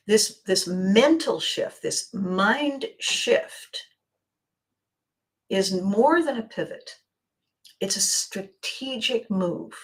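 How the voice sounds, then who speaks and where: A woman hosts her own podcast in a solo monologue. Her storytelling is playful and animated, full of little voiced asides. Now and then she sinks to a near whisper to land a point. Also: medium pitch. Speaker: podcast host.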